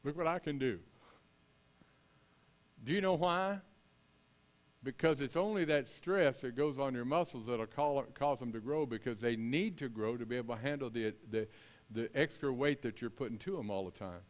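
A middle-aged man preaching a sermon as pastor, chatting with the congregation, then reading scripture loudly and with emphasis. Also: medium pitch, normal speed.

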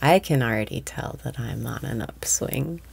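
A woman leads a guided meditation in a low, gravelly, mellow voice, unhurried and often half-whispered. She speaks with blunt, profane candor, joking at her own expense between the breathing cues.

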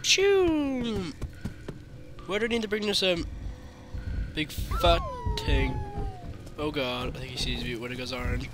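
A man giving casual gameplay commentary, excitable and foul-mouthed, cooing at the game's creatures and yelping at sudden scares. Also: a little high, moderate pace, pauses often. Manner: excitable, swears freely, baby-talks to game creatures, sudden yelps. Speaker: gaming channel host. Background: game music.

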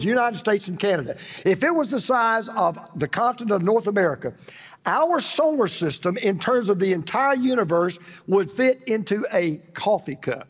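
A man preaching a sermon as pastor, animated and repetitive, with dramatic pauses. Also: high voice, breathy edge. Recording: reverberant hall.

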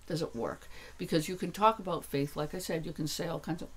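A woman from New Hampshire, an author and energy worker appearing as a guest, talks casually about her spiritual work in a low, slightly rough voice at a somewhat fast clip. She's blunt and emphatic, growing heated and insistent and swearing freely as she goes.

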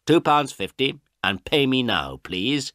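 Boastful photographer, bossy and slow, lively pitch swings, dry close sound, read by a man. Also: no room sound. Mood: impatient. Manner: slow, self-important and impatient. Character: proud, bossy male photographer in a poor town. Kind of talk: audiobook character voice.

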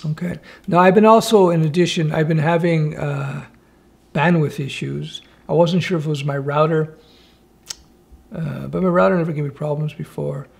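Gravelly man chatting on a live stream. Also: a little high, fairly even intonation, moderate pace. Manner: chatty, reads chat questions aloud, wry asides.

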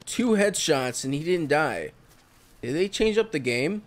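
A man's voice: fairly high pitch, animated, unhurried. A man giving casual solo commentary over a survival game, exclaiming at surprises. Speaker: gameplay commentator.

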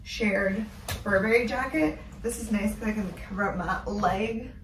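A woman's voice: medium pitch, normal speed, a little hiss or hum. A young woman chatting casually in a vlog, upbeat and full of "like" and "um". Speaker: vlogger.

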